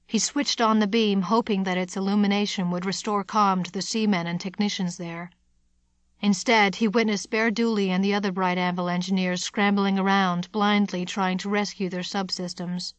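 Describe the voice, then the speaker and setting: A woman's voice: mid-range voice, smooth, no echo. Woman narrating an audiobook, dry and close.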